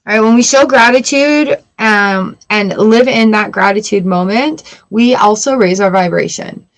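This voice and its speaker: A woman's voice: mid-range voice, measured pace, rough recording. A woman giving a casual tarot reading to camera, chatting directly to her viewers. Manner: chatty, addresses viewers directly with frequent "right?". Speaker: tarot reader.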